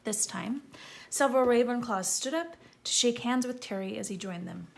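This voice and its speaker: A woman's voice: a little high, normal speed, gravelly, slight background noise. A woman reading a children's story aloud, calling out names with gusto. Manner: lively, calling out names loudly. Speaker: audiobook reader.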